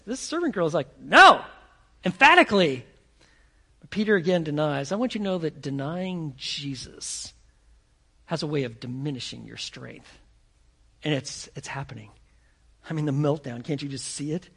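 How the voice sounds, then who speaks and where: A man preaching a sermon in an animated, conversational way, acting out the scenes he describes. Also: fairly high pitch, gravelly, breathy edge. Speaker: pastor.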